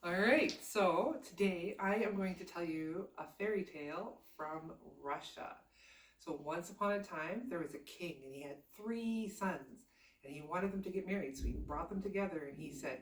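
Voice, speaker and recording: A woman's voice: fairly low pitch, normal speed, reverberant, far from the mic. Chatty woman telling a fairy tale. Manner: chatty, animated, conversational asides. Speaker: storyteller. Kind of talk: casual oral storytelling.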